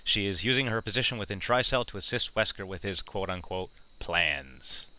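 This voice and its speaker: A man's voice: sits low, animated, normal speed, sharp tone. A man hosting a casual gaming podcast, reading out news items and chatting with many fillers and frequent laughs. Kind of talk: casual chat.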